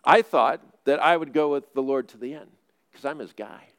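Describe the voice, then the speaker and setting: A man's voice: mid-range voice, normal speed, a bit bright, clean tone, natural voice. A man voicing the apostle Peter as a remorseful fisherman, telling his story in earnest first person.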